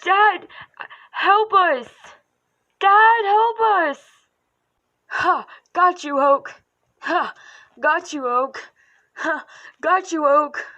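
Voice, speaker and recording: A woman voicing a young, playful wolf pup for a fan voice-over, reading each line in several takes in a high, yelping voice. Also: expressive, extremely slow, pauses often, bright, forceful tone, no echo, muffled recording, exaggerated voice.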